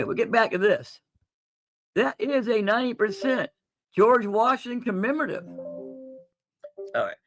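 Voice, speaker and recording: A man's voice: high-pitched, fairly bright tone. A man hosting a casual livestream sale of coins and jewelry, chatty and folksy, calling viewers "folks.". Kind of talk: casual live sales stream.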